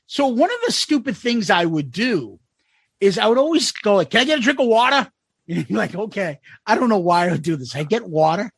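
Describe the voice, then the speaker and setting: A man co-hosting a casual podcast, telling stories in an animated, profane way and laughing often. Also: sits high, fairly quick, vocal fry, breathy edge, dry recording, clean studio sound. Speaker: podcast co-host.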